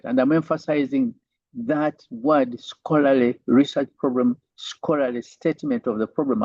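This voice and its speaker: A man's voice: mid-range voice, no room sound, highs cut off. A male university lecturer giving an online lecture, tagging sentences with "right?" and many fillers.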